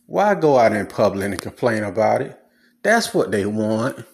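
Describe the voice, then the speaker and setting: A man's voice: fairly low pitch, sing-song, moderate pace, vocal fry. A man giving blunt, preachy relationship advice in a casual, slangy monologue.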